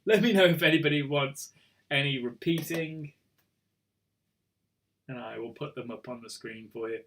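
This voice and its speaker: A man with a mid-range, fairly bright voice hosts an online quiz night at normal speed, casually reading questions and answers. He's chatty and self-mocking, tripping over his words and joking about it.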